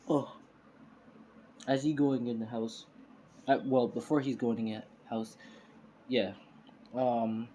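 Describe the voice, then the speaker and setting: A man of middle pitch rambles through an improvised fan story, leaning on fillers and restarting his sentences. He is recorded on a phone, with a faint hiss of noise underneath. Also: warm tone, rough recording. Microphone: phone screen recorder.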